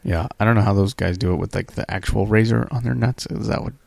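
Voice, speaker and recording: Gravelly-voiced man rambling crudely. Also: on the low side, steady tone, quick pace, darkish tone, no room sound. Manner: rambling, profane, acts out quoted people. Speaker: podcast co-host. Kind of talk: casual crude chat.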